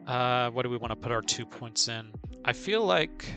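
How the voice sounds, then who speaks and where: A man's voice: medium pitch, expressive, normal speed, music in the background. A man streaming a video game live, chatting casually, narrating his moves and laughing often. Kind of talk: casual live gameplay commentary.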